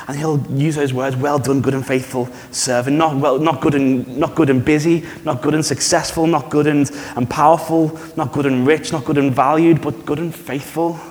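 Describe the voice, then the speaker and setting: A man preaching a sermon in a church, conversational and animated, often asking the congregation questions. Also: on the high side, normal speed, hardly any pauses. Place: church hall. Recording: reverberant church hall.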